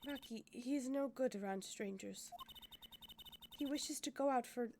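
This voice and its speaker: A woman voicing a calm, mysterious foreign woman singer in a game playthrough, speaking softly and with measured care. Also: a little high, a little hiss or hum. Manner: soft, slow and measured.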